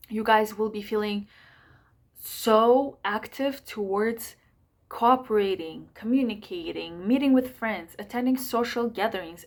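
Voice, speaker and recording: Woman astrologer with a voice, rushed and full of ums and restarts, mid-pitched. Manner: hurried, full of fillers and self-corrections. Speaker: astrologer giving monthly sign readings. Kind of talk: casual rushed talk to camera.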